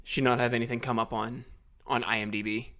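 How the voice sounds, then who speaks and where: A man's voice: medium pitch, level tone, fairly quick, a bit bright. A man co-hosting a podcast in casual chat, mostly giving short replies and laughing along. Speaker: podcast co-host.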